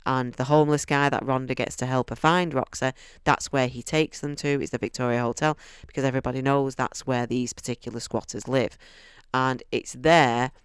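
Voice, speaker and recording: A man's voice: mid-range voice, clean tone, no echo, clean studio sound. A man giving a casual, enthusiastic book review, chatty and often restarting his sentences. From United Kingdom.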